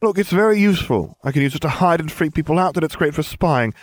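A man voicing a smug, scheming teenage boy wizard who talks briskly and bossily. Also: a little high, expressive, no echo, pitched above the performer's own voice, close to an everyday voice. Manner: brisk, self-satisfied, bossy.

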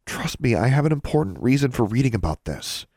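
A man's voice: mid-range voice, big pitch swings, a little fast, a little mellow, no room sound, clean studio sound, voice pushed up. Man playing a stubborn teenage witch girl. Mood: insistent.

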